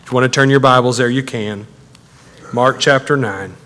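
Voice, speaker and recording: A man preaching a sermon as a pastor, conversational and animated, his intensity building as he talks. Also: mid-range voice, moderate pace. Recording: echoey hall with long reverb.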